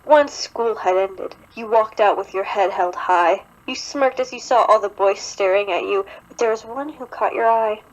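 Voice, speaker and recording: A woman's voice: medium pitch, moderate pace, hardly any pauses, dull audio. A young woman co-hosting a podcast, reading fan fiction aloud with a sarcastic, giggly, mock-dramatic delivery. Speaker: podcast co-host.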